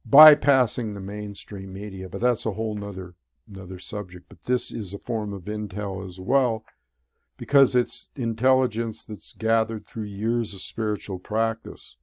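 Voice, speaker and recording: A man's voice: lowish voice, moderate pace, creaky, no echo, studio quality. A man talking to the camera as a spiritual teacher, in a loose, rambling monologue full of fillers and restarts. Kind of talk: casual monologue. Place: room.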